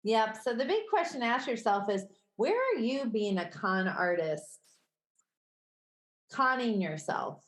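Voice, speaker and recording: A woman with a Midwestern accent co-hosting a podcast in casual chat, conversational and quick to laugh. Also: fairly high pitch, big pitch swings. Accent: Midwestern American. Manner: conversational, laughs easily, self-correcting. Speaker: podcast co-host. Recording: roomy echo.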